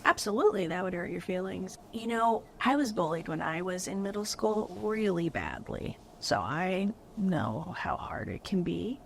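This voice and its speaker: A woman's voice: fairly low pitch, very animated, moderate pace, creaky, hardly any pauses, slight background noise. A middle-aged woman from California hosting a podcast, talking in an earnest, chatty way with lots of fillers. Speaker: podcast host. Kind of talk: casual chat with guests.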